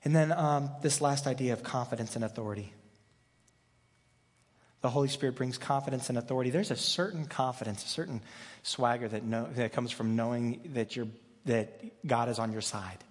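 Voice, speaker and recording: A pastor preaches in a loose, chatty way, restarting his sentences and slipping in jokes. His mid-pitched voice carries a long reverb from the church sanctuary around him. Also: normal speed. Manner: conversational and joking, with frequent restarts. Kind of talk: sermon.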